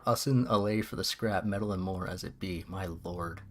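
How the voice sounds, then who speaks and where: A man's voice: on the low side, unhurried, a bit bright, a little hiss or hum. A man voicing a strange cyborg trader who talks in a mangled, bizarre accent. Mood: gruff. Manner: mangled, garbled old-fashioned talk in a bizarre accent.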